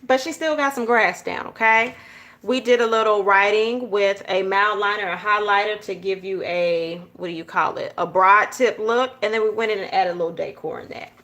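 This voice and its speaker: A woman's voice: mid-range voice, moderate pace, fairly bright tone. A woman from Georgia with a Southern accent, hosting a casual journal-with-me tutorial and chatting straight to her viewers. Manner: chatty, talks straight to viewers with frequent "y'all" and "okay?". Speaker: journaling channel host.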